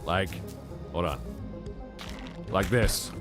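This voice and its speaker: A man's voice: low-pitched, extremely slow. A young man streaming a game, joking and swearing playfully as he plays. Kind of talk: gaming commentary. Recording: game music behind.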